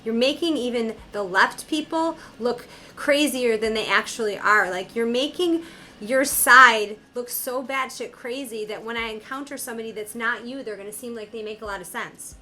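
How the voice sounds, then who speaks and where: A woman's voice: on the high side, normal speed, sharp tone, slight background noise, low-quality recording. A woman hosting a reaction video, talking back to a clip in a sarcastic, incredulous tone. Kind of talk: casual reaction commentary.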